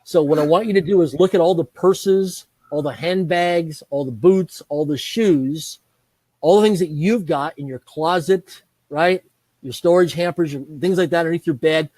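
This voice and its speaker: Middle-aged male business trainer, interview guest, lively storyteller; slightly higher, warm tone, dry close sound. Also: moderate pace, no echo. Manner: energetic, repetitive lists, acts out dialogue.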